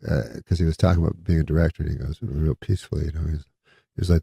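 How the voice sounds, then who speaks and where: A man's voice: extremely low pitch, flat delivery, racing, creaky, warm tone, husky, no room sound. A man casually telling a meandering comic story with a dry manner, slipping into other people's voices and chuckling along the way. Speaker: comedian telling stories on a talk show.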